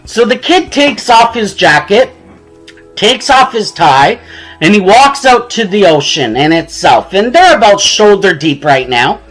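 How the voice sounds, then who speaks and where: A man's voice: high-pitched, very animated, a little slow, a bit bright, faint music behind, poor audio. A man telling a motivational story in a conversational way, speaking directly to his listeners.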